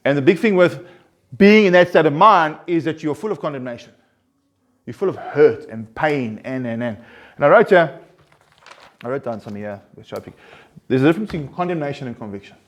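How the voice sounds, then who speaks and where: Earnest male counselor, slightly high voice. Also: lively intonation, a little fast, long pauses. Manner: earnest, conversational, with frequent restarts and rising emphasis. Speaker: counselor at a recovery centre. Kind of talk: informal group talk.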